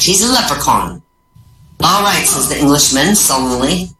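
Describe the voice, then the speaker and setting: A woman telling a string of Irish pub jokes, jumping up in pitch for each quoted character. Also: fairly quick. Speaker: stand-up comic. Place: small comedy venue. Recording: echoey room from far off, faint music.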